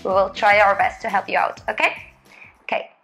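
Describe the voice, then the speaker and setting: A woman's voice: mid-range voice, level tone, fairly quick, fairly bright tone, faint music behind, poor audio. A woman whose first language is Russian, hosting a casual chat in a bubbly, giggly way. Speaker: host.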